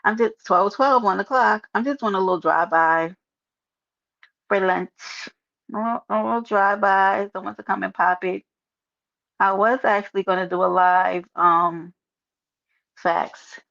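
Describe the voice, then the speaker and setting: A woman's voice: medium pitch, steady tone, a little slow, gravelly, pauses often, a bit bright. A woman with a New York accent hosting a casual livestream, chatting sassily and reading her chat aloud. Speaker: livestream host. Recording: dull lo-fi stream audio.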